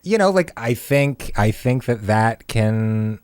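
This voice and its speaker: A man in his thirties co-hosting a podcast, chatting casually with deadpan jokes. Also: mid-range voice, slow, clean tone, no room sound, studio quality. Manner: joking, deadpan asides. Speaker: podcast co-host. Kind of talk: casual chat.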